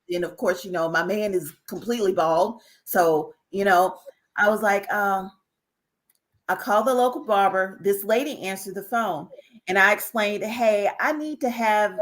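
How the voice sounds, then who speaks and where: A woman, a podcast guest telling a personal story in an animated way, often repeating herself and speaking straight to listeners. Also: mid-range voice, low-quality recording. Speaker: guest, author. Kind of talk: casual interview storytelling.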